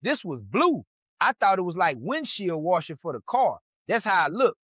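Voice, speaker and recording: A man from New York hosting a podcast, telling stories in a casual, animated way and acting out what other people said. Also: high-pitched, normal speed, husky, no echo. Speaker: podcast host. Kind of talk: casual storytelling chat. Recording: dull lo-fi sound.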